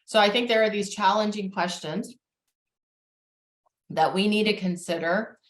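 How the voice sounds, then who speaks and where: A woman therapist giving a calm, measured educational talk on family relationships, with frequent fillers. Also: medium pitch, echoey room.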